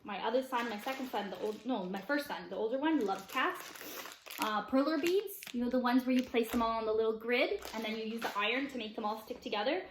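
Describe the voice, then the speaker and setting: A woman's voice: fairly high pitch, fast talker, roomy sound, a little hiss or hum. Chatty upbeat woman. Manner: chatty and upbeat, many fillers. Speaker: vlogger, mother of boys. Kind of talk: casual chat to camera.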